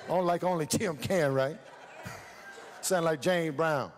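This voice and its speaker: A man preaching a sermon as pastor, telling a lively story, building up to shouts. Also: on the high side, slow, in a large hall, very noisy.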